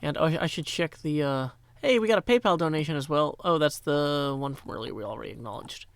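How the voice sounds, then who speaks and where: A Tennessee man streams a game and chats casually, rambling and cracking jokes while thanking donors. His voice runs on the high side, fairly quick and smooth, with no echo.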